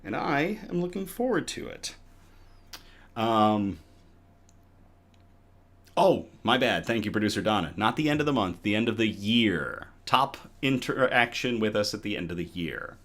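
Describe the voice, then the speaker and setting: A man hosting a casual live good-news stream from his home, talking in a chatty, animated way with self-deprecating asides. His voice sits fairly low, yet its pitch swings widely, and he sounds a little out of breath. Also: measured pace, pauses often. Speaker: host.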